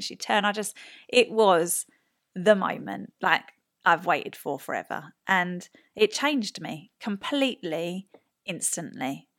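Woman, 30s, podcast guest, chatty and animated, voice on the lower side. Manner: animated, acts out the people she quotes. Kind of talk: casual storytelling chat.

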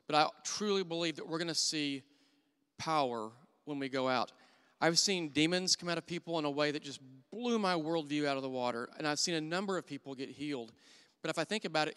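Middle-aged male church elder, sermon storytelling, earnest, smooth clear voice, church hall reverb. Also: a little high. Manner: earnest storytelling, drops to hushed voice for quoted thoughts. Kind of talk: sermon with personal stories.

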